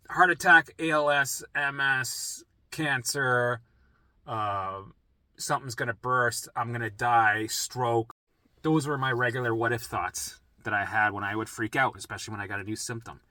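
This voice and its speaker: A man's voice: medium pitch, a little slow, pushed and bright, no room sound. A man talking straight to camera as a recovery coach, blunt and swearing, acting out panicked thoughts and often tagging sentences with "right?". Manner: keeps asking "right?". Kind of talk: direct-to-camera talk.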